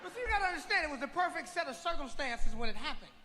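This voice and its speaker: Guy with a high voice telling a funny story, big reverb and hiss around him. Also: animated, very fast. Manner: laughing, easygoing storytelling. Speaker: comedian guest. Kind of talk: stand-up storytelling.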